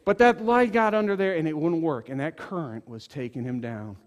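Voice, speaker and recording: Man, high voice, animated storytelling preacher. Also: moderate pace. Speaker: pastor. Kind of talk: sermon with storytelling.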